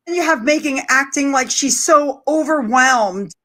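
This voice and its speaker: A woman narrating a played commentary video on body language in a steady manner. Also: high-pitched, unhurried, hardly any pauses.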